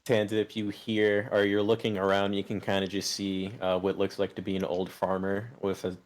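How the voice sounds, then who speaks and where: A young man narrating as game master, halting and full of restarts. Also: lowish voice, completely flat delivery.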